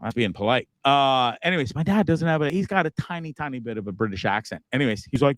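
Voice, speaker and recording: A man's voice: medium pitch, animated, fast talker, few pauses, a bit bright, no echo. A man hosting a live show, talking casually with a profane, rambling manner. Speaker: host.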